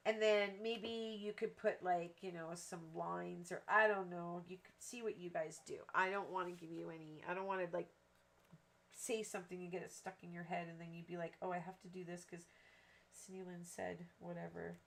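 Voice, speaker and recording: A woman's voice: on the low side, steady tone, moderate pace. A woman hosting a card-making livestream, chatting casually and rambling, with self-deprecating asides as she demonstrates. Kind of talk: casual craft demo chat.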